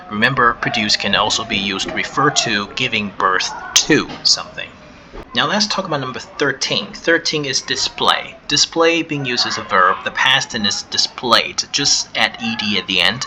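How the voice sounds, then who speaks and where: Patient man teaching vocabulary, noisy recording. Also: lowish voice. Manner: patient explaining, repeats words slowly for pronunciation; switches briefly into Chinese for translations.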